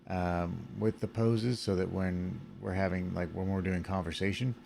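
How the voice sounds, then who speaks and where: A man's voice: low-pitched, fairly even intonation, normal speed, creaky, dark tone, faint music behind. A tired man casually walking through his animation puppet rig with many fillers, yawning now and then. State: sleepy. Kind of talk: casual screen-recorded tutorial.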